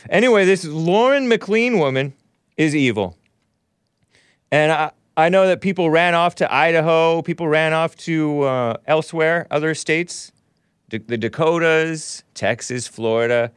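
A man's voice: fairly high pitch, unhurried, clear, resonant tone, no echo, clean studio sound. A man hosting a call-in radio show, reading posts aloud and mocking them in a scornful, sarcastic, rambling way. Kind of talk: opinionated call-in radio talk.

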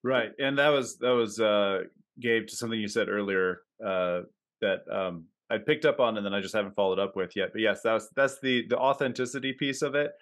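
A man co-hosting a podcast in casual talk, halting and thinking aloud with many pauses. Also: fairly low pitch, a bit bright. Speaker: podcast co-host, novelist. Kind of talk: casual interview chat.

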